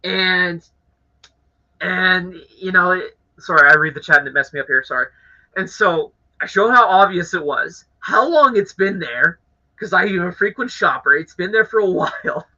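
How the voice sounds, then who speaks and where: A young man from Canada hosting a live stream, telling an annoyed story to his chat in a casual, animated way with swearing. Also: high voice, normal speed. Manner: animated, swearing, acts out angry voices. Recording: dull lo-fi audio.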